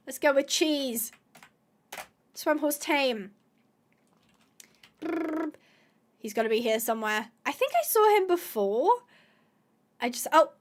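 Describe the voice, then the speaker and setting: A woman hosting a gameplay video, chatting casually to viewers, thinking aloud with excited gasps and asides. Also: sits high, takes it slowly, long pauses. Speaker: gaming video host.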